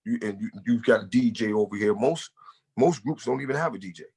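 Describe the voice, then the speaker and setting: A Bronx man with a New York accent, appearing as a hip-hop artist guest in a casual interview, talks loosely and street-casually, leaning on "you know". His voice is lowish and darkish with vocal fry and a breathy edge, and he speaks fairly quickly.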